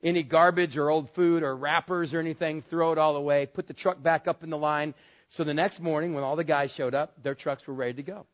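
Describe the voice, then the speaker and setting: Lively man telling a story, lo-fi. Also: a little high, brisk. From West Texas. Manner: lively, animated, acts out the voices in the dialogue. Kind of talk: personal anecdote told to an audience. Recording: dull, lo-fi sound.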